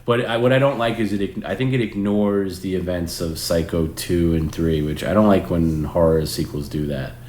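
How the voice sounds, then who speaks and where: A man's voice: low-pitched, moderate pace, hardly any pauses, a little mellow. A man in his forties hosting a live stream, chatting casually with viewers in a rambling way, restarting sentences and swearing now and then. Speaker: host. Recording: roomy with faint background noise.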